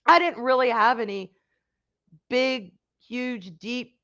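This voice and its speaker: A woman hosting a casual livestream, talking frankly with some swearing and greeting chat viewers with loud excitement. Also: a little high, drawn-out words. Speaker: livestream host chatting with viewers. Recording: dull lo-fi stream audio.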